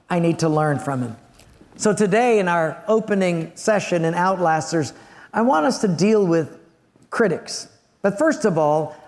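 A man's voice: high voice, darkish tone. A man preaching a sermon, telling a story with animation and acting out the scenes. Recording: long hall reverb.

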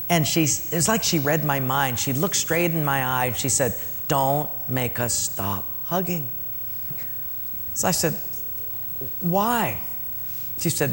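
A man pastor preaching a storytelling sermon, swinging between loud and hushed. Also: on the high side, a little hiss or hum. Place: church. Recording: reverberant hall, faint ambience.

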